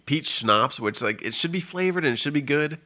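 A man co-hosting a podcast, talking loudly and profanely while complaining about a strong drink. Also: fairly high pitch, expressive, a little fast. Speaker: podcast co-host. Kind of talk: casual banter.

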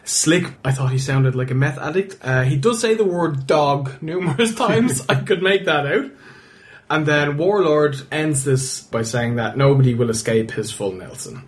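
A man co-hosting a casual wrestling review podcast, trading quick dry jokes. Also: a little high. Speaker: podcast co-host.

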